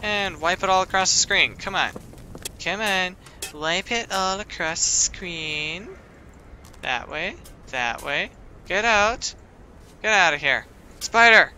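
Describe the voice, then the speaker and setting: Excitable man commenting on his gameplay. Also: high voice, slow pace, pauses often, a little hiss or hum. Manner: excitable, talks to the game, swings from shouting to muttering. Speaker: let's play gamer. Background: game music.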